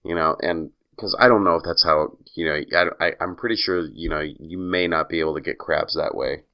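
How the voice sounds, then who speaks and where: A man's voice: a bass voice, brisk, highs cut off. A man co-hosting a podcast in casual chat, telling stories in a wry, teasing way. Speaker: podcast co-host.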